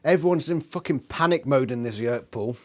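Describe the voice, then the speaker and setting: A man's voice: medium pitch, lively intonation, fairly quick. A man reviewing a book in a casual vlog, sweary, sarcastic and exasperated.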